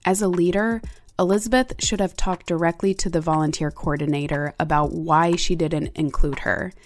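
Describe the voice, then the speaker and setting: Commentator: a woman with a somewhat low voice, measured and analytical, reading scripted narration. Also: fairly even intonation, faint music behind.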